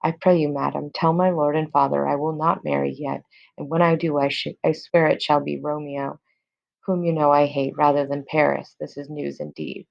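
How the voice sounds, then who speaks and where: Woman reading a young daughter, defiant, plain read-aloud, fry. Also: low-pitched, level tone, normal speed, no room sound, highs cut off.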